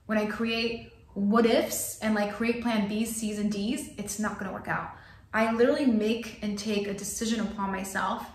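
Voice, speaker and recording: A woman's voice: medium pitch, level tone, normal speed, reverberant, a little hiss or hum. A woman vlogger giving an earnest motivational talk to camera, repeating phrases for emphasis. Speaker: lifestyle vlogger.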